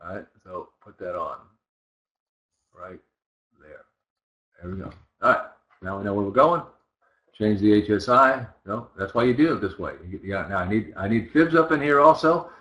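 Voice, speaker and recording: A trading instructor runs a live chart walkthrough, chatting casually about currency trading as he works and tossing rhetorical checks at his listeners. His voice is fairly low and a bit bright, animated at a moderate pace with frequent pauses. The recording is rough.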